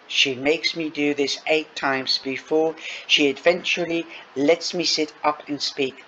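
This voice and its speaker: A man's voice: on the high side, steady tone, a little slow, hardly any pauses, bright, forceful tone. A man reading a novel aloud, stopping for chatty asides to his listeners. Dull lo-fi recording with faint noise. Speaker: reader.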